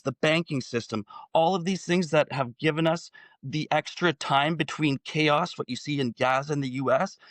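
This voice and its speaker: Guy in his 40s ranting solo, lotta rhetorical questions, kinda high voice, dry sound. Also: a bit bright, no echo. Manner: impassioned, full of rhetorical questions. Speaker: political commentator. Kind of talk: solo commentary monologue.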